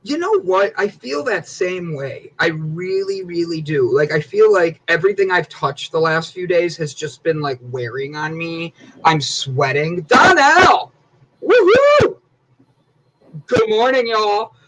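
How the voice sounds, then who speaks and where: A young man hosting a morning talk show, loud and teasing, prone to sudden high-pitched yelling. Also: expressive, a little slow, hardly any pauses, noisy background. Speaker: host.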